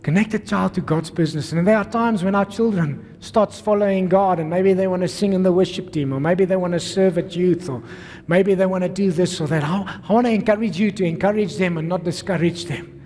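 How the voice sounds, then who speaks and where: A South African man, a pastor, preaching an energetic sermon full of rhetorical questions and calls to the congregation. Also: high voice, fairly quick. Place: church. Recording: long reverb of a church hall.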